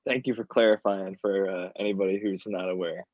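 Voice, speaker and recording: Flat low-voiced host. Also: male voice, no echo. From Michigan, USA. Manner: measured, long winding questions. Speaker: podcast host. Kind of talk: casual interview chat. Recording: dull dry lo-fi audio.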